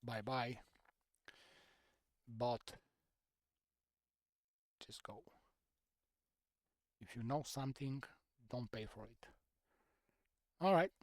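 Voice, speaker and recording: A man's voice: mid-range voice, steady tone, extremely slow, pauses often, no echo. A man streaming a game, chatting casually and half-muttering through menu choices in slightly non-native phrasing. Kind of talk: casual gameplay commentary.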